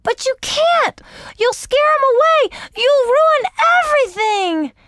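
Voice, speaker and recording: Woman doing a bossy little girl in a kids storybook, squeaky and pushy. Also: very animated, measured pace, no room sound, studio quality, exaggerated voice. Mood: alarmed. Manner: shrill, teasing and urgent. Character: bossy excitable little girl, a big sister.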